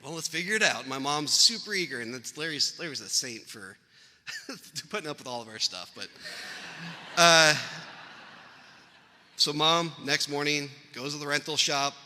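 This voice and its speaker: A man's voice: a little high, lively intonation, measured pace, long pauses, sharp tone, in a large hall, slight background noise. A man from Idaho giving a rambling, anecdotal funeral eulogy about his father figure, chuckling as he tells family stories. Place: funeral venue hall.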